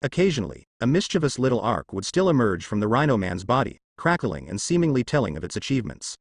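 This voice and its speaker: A man giving steady scripted narration of a translated web novel, reading sound-effect words aloud. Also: mid-range voice, quick pace, gravelly, no room sound, clean studio sound.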